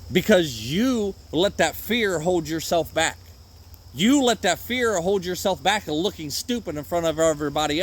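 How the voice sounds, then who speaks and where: Male podcast host, higher-pitched voice, profane off-the-cuff pep talk recorded outdoors in the woods in the rain. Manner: rambling and profane, swears often, jokes at himself. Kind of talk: unscripted motivational monologue.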